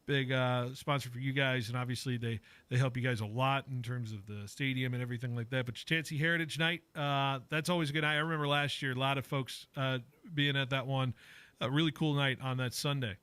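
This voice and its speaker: A man's voice: mid-range voice, level tone, a little fast, pushed and bright, clear, resonant tone, no echo. A man hosting a local sports radio show, chatting casually with plenty of fillers. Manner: upbeat, filler-heavy. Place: radio studio. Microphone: studio mic.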